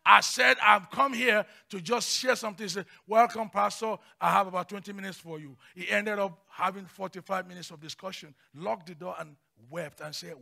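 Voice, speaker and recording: Gravelly, bright-voiced preaching pastor. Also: male voice, high-pitched, normal speed, few pauses. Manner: passionate, swings from hushed to shouting. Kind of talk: sermon.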